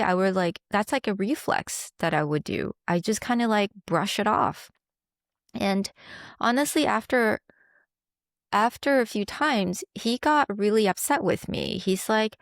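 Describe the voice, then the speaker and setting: A young adult woman hosts a podcast, speaking candidly and reflectively about her own experience with small laughs along the way. Her medium-pitched voice is animated and measured, recorded in a clean, dry studio.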